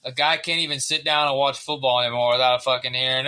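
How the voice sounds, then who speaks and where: A man's voice: mid-range voice, quick pace, clear, resonant tone. A man co-hosting a sports podcast, talking casually with lots of swearing and rambling. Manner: profane, rambling, excitable. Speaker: podcast co-host.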